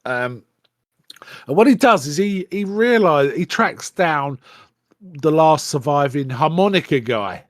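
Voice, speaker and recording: A man hosting a podcast, recapping a film in casual chat, rambling and halting with restarts. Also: on the high side, animated, no echo, clean studio sound. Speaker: podcast co-host.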